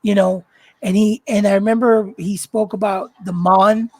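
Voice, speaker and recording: Halting co-host voice, dry sound. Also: mid-range voice, fairly even intonation, darkish tone, no room sound. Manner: halting, searching for words with many fillers. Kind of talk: casual livestream chat.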